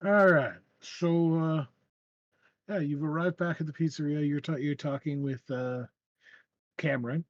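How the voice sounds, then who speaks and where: A man running a tabletop game, his voice sitting a touch high. He narrates in a loose, rambling way, circling back and restarting, and the audio is dull and very dry. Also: fairly even intonation, measured pace, no room sound. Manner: rambling, with many fillers and restarts. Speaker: game master.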